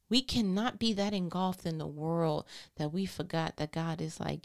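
A woman hosting a faith-based podcast, talking in an animated, preachy and playful way full of casual slang. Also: fairly low pitch, moderate pace, creaky, hardly any pauses. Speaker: podcast host.

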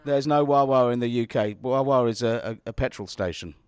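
Soft background music plays under a medium-pitched, darkish male voice speaking fairly quickly. He's a podcast host from Britain with a British English accent, having a rambling, casual chat at a house party and often cutting himself off partway through sentences.

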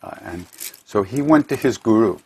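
Man, husky voice, casual storytelling, restarts sentences, online talk from home. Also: lowish voice, animated, normal speed, a little mellow. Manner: rambling, repeats himself, restarts sentences. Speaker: spiritual teacher hosting an online gathering. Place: his home. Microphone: home computer mic for an online event.

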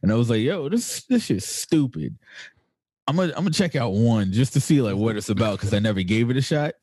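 A man with a fairly low, mellow voice chats loosely on a podcast, leaning on slang and filler as he tells a story. The sound is dry and close to the mic. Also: lively intonation, rapid-fire, dry recording. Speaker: podcast co-host. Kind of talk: casual chat.

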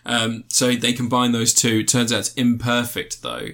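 A man's voice: medium pitch, level tone, normal speed, creaky, fairly bright tone. A man co-hosting a casual chat, rambling and slangy as he reviews comics. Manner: rambling, swears freely, slangy. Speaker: podcast co-host reviewing comics.

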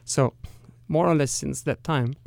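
Executive guest, gravelly mid-pitched voice, hesitant careful delivery. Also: male voice, unhurried, a little mellow, no echo. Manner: careful, hesitant, frequent restarts. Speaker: company executive, interview guest. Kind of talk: radio interview answers.

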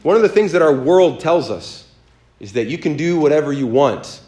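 Man preaching a sermon. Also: fairly high pitch. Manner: reads scripture slowly, then preaches in a lively, joking way. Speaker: pastor. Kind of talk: sermon with scripture reading.

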